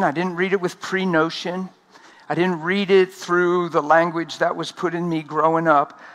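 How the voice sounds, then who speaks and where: A man preaching an energetic sermon at a conference, talking fast and laughing along the way. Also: a little high.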